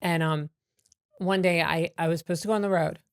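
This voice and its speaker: A woman comedian telling animated stories with many fillers and restarts in a podcast interview. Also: fairly low pitch, brisk, clear, resonant tone, no room sound, clean studio sound. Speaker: comedian guest.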